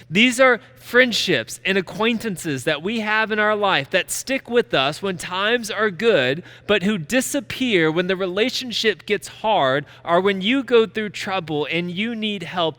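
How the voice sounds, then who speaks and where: A man's voice: sits high, bright, forceful tone. A man preaching a sermon as a pastor, emphatic and repeating key phrases for weight.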